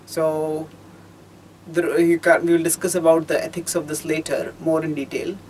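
A man with a high voice gives a storytelling lecture as a teacher of scripture. He speaks in a measured, explanatory way, stopping often to rephrase. A faint noise sits behind him. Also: little pitch movement, darkish tone, low-quality recording.

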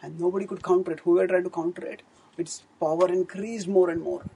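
A man's voice: high-pitched, steady tone, a little fast, creaky, dark tone, slight background noise, low-quality recording. A man giving a scriptural storytelling discourse as a spiritual teacher, in an earnest manner, often correcting himself. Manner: earnest, fluent retelling with frequent self-corrections.

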